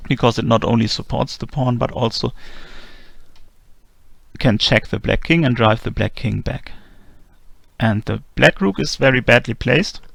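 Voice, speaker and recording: A man teaching a chess endgame lesson in a calm, methodical voice-over, walking through the moves one by one. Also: mid-range voice, vocal fry, breathy edge, no echo. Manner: methodical, calm move-by-move explanation. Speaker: chess instructor. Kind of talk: explanatory chess lesson narration.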